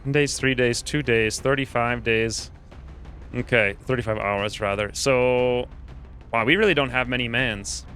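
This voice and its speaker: A man's voice: medium pitch, unhurried, fairly bright tone. A man giving casual gameplay commentary, joking, self-mocking and thinking aloud about his choices. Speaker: gaming streamer.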